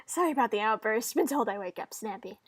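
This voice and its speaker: A woman voicing a snappy, foul-mouthed young woman in a visual novel who talks loudly and bluntly. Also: a little high, lively intonation, fast, a little hiss or hum, close to an everyday voice. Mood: brash. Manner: loud and blunt, swears.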